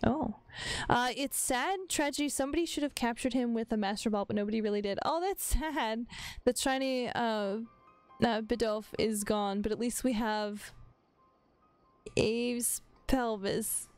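A woman's voice: a little high, measured pace, a little mellow, clean tone, soft background music. A woman streaming a game with casual commentary, reading the dialogue aloud between chatty asides, swearing freely and laughing often.

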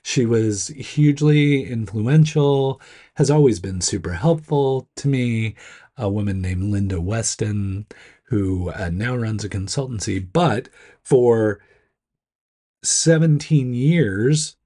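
Hoarse gruffy guy doing his weekly news chat, rambly and self-deprecating, kinda husky. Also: slow, dark tone. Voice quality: gruff, lowered voice. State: hoarse from smoky air. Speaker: startup news host. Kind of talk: casual weekly video chat.

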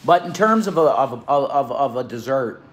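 A man's voice: mid-range voice, expressive, brisk. A man reviewing a dessert in a mukbang video, rambling and gushing as he stumbles over his words. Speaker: food video creator.

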